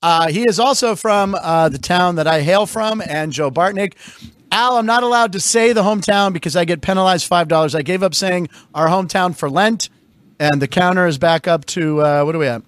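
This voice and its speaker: A man hosting a casual sports talk show, chatty and jokey with quick asides. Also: sits high, a bit bright, no echo. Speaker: host.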